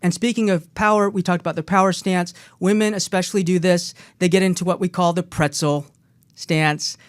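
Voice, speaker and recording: A woman's voice: fairly low pitch, fairly even intonation, brisk. Emphatic woman telling a story on a talk show. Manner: emphatic, storytelling, repeats key phrases. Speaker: co-author and former co-host.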